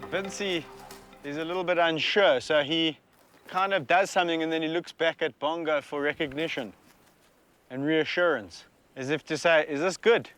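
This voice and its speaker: A South African man, a lion sanctuary keeper, giving relaxed, chatty commentary on location and speaking fondly of his animals. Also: on the high side, normal speed, clean tone, soft background music.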